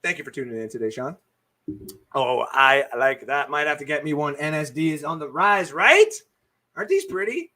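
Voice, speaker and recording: A man's voice: on the high side, expressive, moderate pace, sharp tone. Brash, hyped-up sports show host man. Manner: brash, hyped, swears freely; reads and answers viewer comments. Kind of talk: live-streamed football talk show. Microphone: webcam setup.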